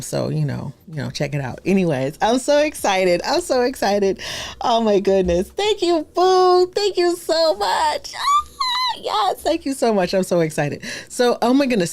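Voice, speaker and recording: A woman hosting a live stream as a branding coach, bubbly and exclamatory, full of slangy asides and repeated excited exclamations. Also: on the low side.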